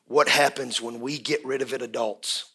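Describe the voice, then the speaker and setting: A man preaching a sermon as pastor, swinging from hushed near-whispers to shouted refrains and urging the congregation to respond. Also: mid-range voice, fairly even intonation, normal speed, breathy edge.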